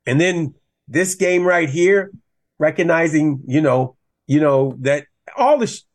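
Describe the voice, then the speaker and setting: A man, a former college running back, talking football as a guest in a passionate, animated way that rises when he gets riled up. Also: fairly high pitch, a little slow. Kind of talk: casual sports talk.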